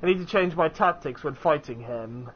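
A man's voice: on the high side, expressive, moderate pace, slightly rough, lo-fi sound. A young man casually commenting while playing a video game, chatty and rambling, often restarting his sentences. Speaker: let's play gamer.

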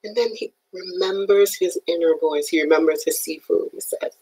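A woman giving an animated, emphatic motivational talk on a live stream, often checking in with her viewers. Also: fairly low pitch, normal speed, breathy edge, low-quality recording. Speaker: motivational speaker.

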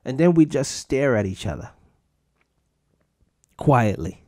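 A man's voice: sing-song, takes it slowly, mellow. A young adult man hosting a podcast, telling profane jokey stories in a loose casual rant. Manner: loose, profane, jokey storytelling with sudden pitch jumps. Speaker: podcast host.

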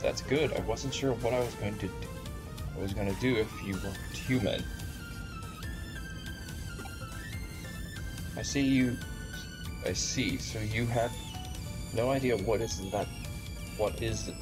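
Guy reading as a chill low-voiced lady detective, measured, game music going behind. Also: natural voice. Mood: calm. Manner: measured, thoughtful reading, stumbles on the script. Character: calm, composed adult female detective. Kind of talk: reading game dialogue aloud.

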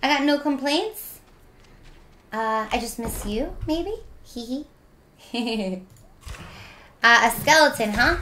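A woman's voice: on the high side, expressive, slow, long pauses, pushed and bright, roomy sound, a little hiss or hum. A young woman streaming a game, chatting casually and playfully with her viewers as she reads their messages aloud.

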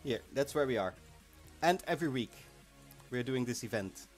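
A man hosting a live game stream, chatting casually and excitably, sometimes bursting into shouts. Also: mid-range voice, normal speed. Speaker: livestream host of an online game event. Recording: faint music in the background.

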